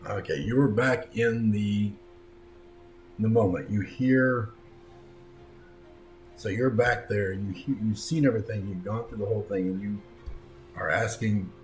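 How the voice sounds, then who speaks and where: Male GM, low voice, relaxed narration, echoey room. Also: measured pace, pauses often. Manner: casual, descriptive narration. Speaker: game master. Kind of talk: narrating a tabletop game. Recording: roomy echo, faint background music.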